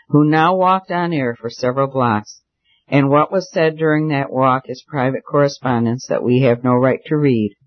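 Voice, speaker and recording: A man reading a novel aloud as narrator, steady and measured. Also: medium pitch, dry recording, muffled recording. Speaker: audiobook narrator.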